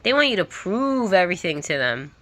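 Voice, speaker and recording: A woman's voice: lowish voice, very animated, brisk, fairly bright tone. A woman vlogger giving an emphatic, candid monologue to camera. She often repeats herself and laughs now and then.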